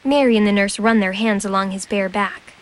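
A woman reading a scripted audio description of a film in an even, measured manner. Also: medium pitch. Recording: narration over loud film noise.

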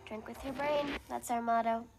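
An actress playing a young woman alone in a sorority house, brisk and impatient on the phone. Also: fairly high pitch, steady tone, gravelly, poor audio. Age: young adult. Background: music.

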